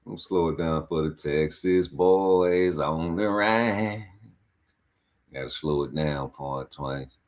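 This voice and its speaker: A man's voice: very deep voice, slow pace. A man giving a casual boxing fight breakdown, talking in blunt, profane street slang and calling out the action on screen. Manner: animated, talks back at the fighters on screen. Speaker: boxing commentator.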